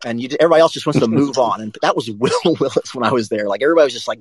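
A man co-hosting a live sports talk show, telling a rambling, profane story in a casual, animated way. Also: medium pitch, rapid-fire, breathy edge, no echo, rough recording.

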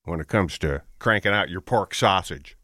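Low-voiced guy, dry sarcastic, close dry mic. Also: moderate pace, a bit bright, dry recording. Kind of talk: casual banter.

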